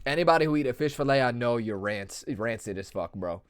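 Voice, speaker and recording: A man's voice: mid-range voice, fairly quick, clean tone, dry recording, clean studio sound. Crude joking young man streamer. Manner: crude, joking and excitable, lots of slang. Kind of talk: casual game commentary.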